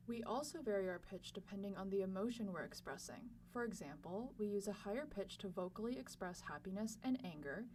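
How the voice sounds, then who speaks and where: Young woman, scripted lesson narration, measured and clear, mic slightly distant with faint hum. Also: medium pitch, a little mellow. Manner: clear, measured explanatory delivery. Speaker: lab student presenter.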